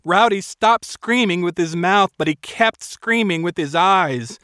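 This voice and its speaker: A man's voice: sits high, unhurried, pushed and bright, clean tone, no echo, clean studio sound. Wry man narrating an audiobook. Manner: wry, self-mocking storytelling. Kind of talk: first-person audiobook narration.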